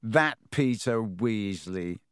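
A snide, arrogant teenage boy who drawls his words and sneers at everyone, as a man puts him on. Slow and lazy in delivery, recorded close and dry. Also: mid-range voice, expressive, clean tone, dry recording, lightly acted. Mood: sneering.

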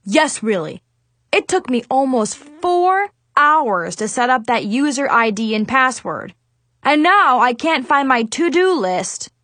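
A woman voicing a high-strung, moody male teacher who yells and grumbles in a fussy way. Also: animated, takes it slowly, dry recording, full character voice. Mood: fussy stern.

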